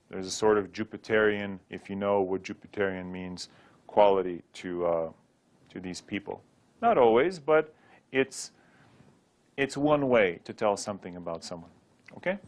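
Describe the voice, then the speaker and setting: A man's voice: fairly low pitch, a little slow. A man teaching a Sanskrit pronunciation class, drilling syllables aloud for students to repeat. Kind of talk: classroom lecture.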